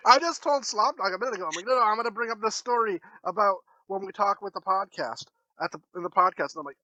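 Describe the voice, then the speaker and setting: A man co-hosting a casual podcast, telling stories in a fast, excitable way. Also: sits high, dry recording, poor audio. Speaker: podcast co-host.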